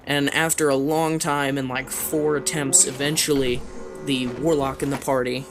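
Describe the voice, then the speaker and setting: A man's voice: medium pitch, level tone, normal speed, over music. Man rambling through a game story. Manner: rambling, with frequent fillers and chuckles. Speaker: player recounting a game. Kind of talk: casual storytelling.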